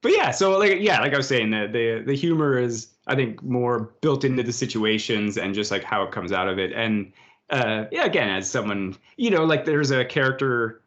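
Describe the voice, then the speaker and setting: A man rambling in casual podcast chat, jumping into animated retellings and little quoted voices. His pitch sits in the middle for a man. The recording sounds a bit dull and lo-fi. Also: moderate pace. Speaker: podcast host.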